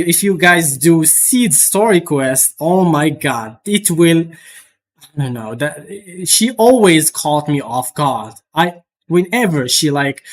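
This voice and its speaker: A young man streaming live, chatting casually and rambling, with lots of restarts and swearing. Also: a little high.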